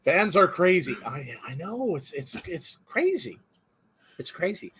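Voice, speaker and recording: A man's voice: fairly high pitch, unhurried, slightly rough. A man hosting a live wrestling watch-along, chatting casually and rambling with frequent laughter. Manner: animated, rambling, laughs often. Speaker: host.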